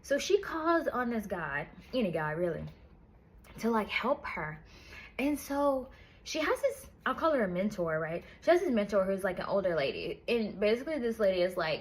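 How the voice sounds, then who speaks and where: A woman's voice: mid-range voice, sing-song, normal speed. A woman in a casual book review chat, retelling the story in a chatty, profane way with lots of "like".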